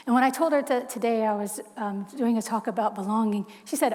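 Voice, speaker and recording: A woman minister preaching a heartfelt sermon in a soft, measured voice. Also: a little high. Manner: heartfelt, soft-spoken, slow measured reading. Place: church sanctuary. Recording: long church hall reverb.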